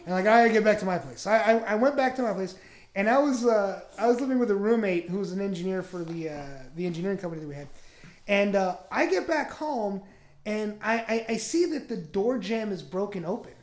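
A man's voice: high-pitched, animated, brisk. A man on a podcast telling a crude story in a casual, rambling way, laughing often. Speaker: podcast host.

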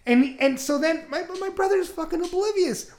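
Profane, animated male storyteller. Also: very high-pitched, normal speed, noisy background. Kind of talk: casual storytelling chat.

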